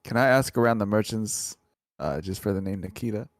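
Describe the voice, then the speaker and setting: A man's voice: lowish voice, a little fast, dry recording, studio quality. A man playing a tabletop game, speaking in character in a hesitant way. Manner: gravelly, hesitant. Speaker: player.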